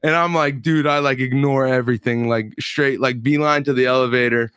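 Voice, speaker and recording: A man's voice: medium pitch, fairly even intonation, a little fast, fairly bright tone, clear, resonant tone, no echo, studio quality. A man in his twenties, a pro fighter, telling a story in casual chat on a podcast, laid-back and full of slang and filler words.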